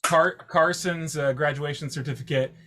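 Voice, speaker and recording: A man's voice: fairly high pitch, fairly even intonation, moderate pace, very noisy. A man co-hosting an interview, prompting the guest in a teasing, hesitant way. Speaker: podcast co-host. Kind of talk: casual interview chat.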